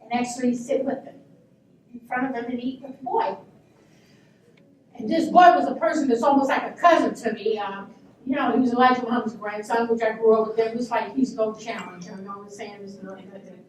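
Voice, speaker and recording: Woman, 60s, lively high-pitched storyteller at a luncheon, heard from a distance in a reverberant room. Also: a little fast, slight background noise. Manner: animated, emphatic, laughing asides. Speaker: panel guest. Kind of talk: anecdotal storytelling. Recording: echoey room, speaker far from mic.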